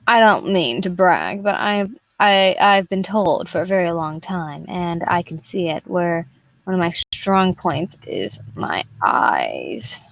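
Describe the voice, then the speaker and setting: Rambling and swearing freely, this young adult woman chats casually on a live stream while she draws her artwork. Her fairly low, gravelly voice is a bit bright and sing-song, and she talks slowly.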